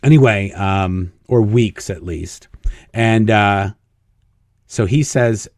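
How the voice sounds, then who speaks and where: A middle-aged man, a guest in an interview, casually tells a long personal story, rambling through anecdotes and acting out what the people in it said. His voice is lowish and darkish and his pace slow. The recording has clean studio sound with no room echo.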